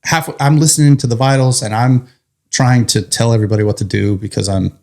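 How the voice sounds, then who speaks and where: He's a firefighter telling a story as an interview guest, speaking fairly quickly in a creaky, medium-pitched male voice. The telling is animated, full of laughter at the funny bits and casual swearing.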